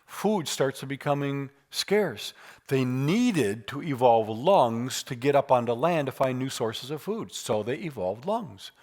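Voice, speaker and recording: A man's voice: medium pitch, lively intonation, measured pace, a little mellow. Emphatic, joking man giving a church lecture. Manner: humorous, emphatic, conversational. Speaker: church speaker teaching apologetics.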